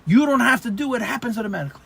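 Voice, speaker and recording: Man, rabbi, Torah class, high voice, husky, explanatory, restarts words. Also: expressive, rapid-fire, fairly bright tone. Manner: explanatory, repeats phrases, stammers restarts. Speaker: rabbi teaching Chassidus.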